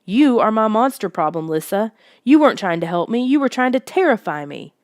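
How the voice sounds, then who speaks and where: A woman's voice: medium pitch, very animated, brisk, no echo, clean studio sound, pitched above the performer's own voice, natural voice. A woman voicing a frightened young kid who stammers and pleads in a raised voice. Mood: accusing.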